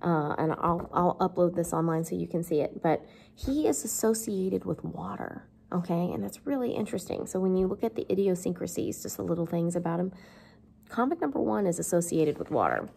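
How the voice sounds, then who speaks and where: A woman's voice: lowish voice, expressive, fairly quick, vocal fry, warm tone, husky. A woman English teacher giving a casual, chatty literature lesson, filled with fillers and the odd joke. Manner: chatty, lots of fillers, jokes.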